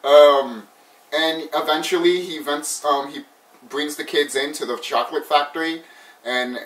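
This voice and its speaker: Male vlogger, somewhat high voice, loose profane movie-review chatter, distant mic in a roomy space. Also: fairly even intonation, measured pace, fairly bright tone. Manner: rambling, swears a lot, laughs often.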